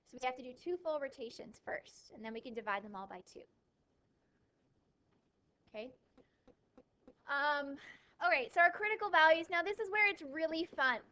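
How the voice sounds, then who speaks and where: A woman teaching a math class, lively, asking questions and answering them herself, with a touch of dry sarcasm. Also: high voice. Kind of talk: classroom lecture.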